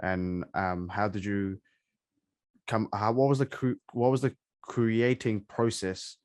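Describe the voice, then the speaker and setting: Male interviewer, low pitch, unhurried halting delivery, dry mic. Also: steady tone, darkish tone, no room sound. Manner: slow, halting questions, lots of backchannel and laughs. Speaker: interviewer, host. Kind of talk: casual interview.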